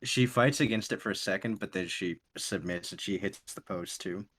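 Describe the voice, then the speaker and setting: Deep-voiced man narrating a tabletop game. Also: normal speed, slightly rough. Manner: calm descriptive narration with voiced characters. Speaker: game master.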